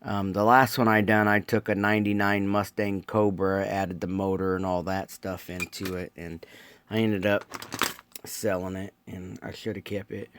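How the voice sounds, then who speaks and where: A man's voice: deep voice, little pitch movement, normal speed, fairly bright tone, smooth. A man chatting casually with viewers while building model cars, rambling and laid-back with lots of ums. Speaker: model car builder streaming live. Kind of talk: casual live-stream chat.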